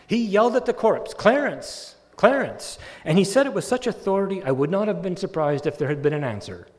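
A man's voice: high voice, quick pace. A man preaching a sermon, telling a story with rising, emphatic peaks. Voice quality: animated, building to loud emphatic peaks. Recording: long hall reverb.

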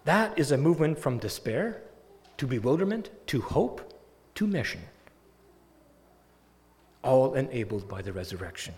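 A man's voice: mid-range voice, measured pace, pauses often. A man preaching a sermon, telling a story with rising, emphatic peaks. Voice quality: animated, building to loud emphatic peaks. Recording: long hall reverb.

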